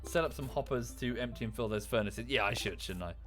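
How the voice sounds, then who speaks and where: A man's voice: medium pitch, fast, a bit bright, faint music behind. A man with a British accent chatting casually on a livestream while playing a game, rambling with enthusiasm and swearing freely. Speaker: streamer.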